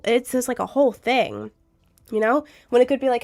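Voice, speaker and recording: A woman's voice: a little high, normal speed, a little mellow. A young adult woman streamer, chatting casually and earnestly giving relationship advice to her chat, with lots of fillers.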